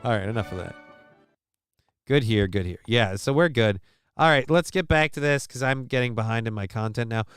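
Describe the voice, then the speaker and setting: A man's voice: medium pitch, moderate pace, fairly bright tone, smooth, soft background music. A man hosting a live stream, reading news and chat comments aloud with crude jokes. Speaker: show host.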